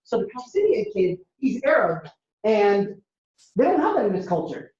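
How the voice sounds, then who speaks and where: A young man from Ohio telling stories as a stand-up speaker, acting out characters with sudden jumps in pitch. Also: sing-song, normal speed, gravelly, darkish tone. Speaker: comedian and speaker. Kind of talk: storytelling stand-up talk to an audience. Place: university lecture hall. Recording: echoey hall, dull lo-fi sound.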